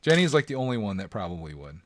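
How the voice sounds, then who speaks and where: A man's voice: fairly low pitch, very animated, very fast, background noise. A man hosting a casual live stream from home, joking around and chatting with his viewers.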